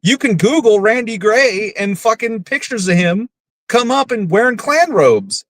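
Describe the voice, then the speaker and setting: A man's voice: sits high, animated, measured pace, fairly bright tone, no room sound, low-quality recording. A man hosting a podcast, ranting bluntly and profanely with scorn. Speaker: podcast host. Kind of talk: casual ranting commentary.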